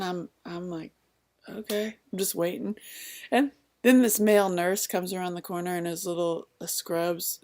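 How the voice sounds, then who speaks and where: A woman in her thirties, casually telling her birth story and acting out the voices of the people in it. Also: fairly low pitch. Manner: animated, acts out voices in quoted lines.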